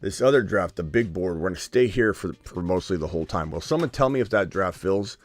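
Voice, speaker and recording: A man hosting a live stream, joking and excitable as he talks through his picks, sometimes dropping to a hushed whisper. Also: sits low, a little fast. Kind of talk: casual live-stream commentary.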